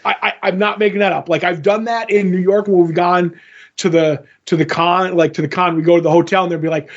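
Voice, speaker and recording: High, husky-voiced man telling a story. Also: brisk, muffled recording. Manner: animated storyteller, swears, acts out quoted people. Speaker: podcast co-host. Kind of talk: casual chat.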